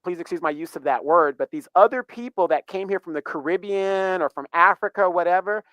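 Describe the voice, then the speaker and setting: A man's voice: high voice, a little fast, fairly bright tone, no room sound, low-quality recording. Emphatic man on a dry mic. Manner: rambling, emphatic, rising to heated questions. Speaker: livestream host. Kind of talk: casual commentary.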